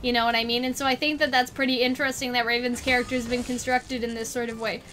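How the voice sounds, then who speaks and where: A woman's voice: on the high side, little pitch movement, fast talker, sharp tone, a little hiss or hum. A woman host losing her voice, casually rambling through an analysis and asking 'you know what I mean' over and over.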